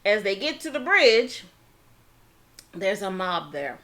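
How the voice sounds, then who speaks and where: A woman's voice: medium pitch, very animated, a bit bright. A woman hosting a casual eating-show story time, chatting through a history story and acting out the people's lines. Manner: chatty, acts out quoted dialogue; pauses to spell out words. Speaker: channel host telling a history story.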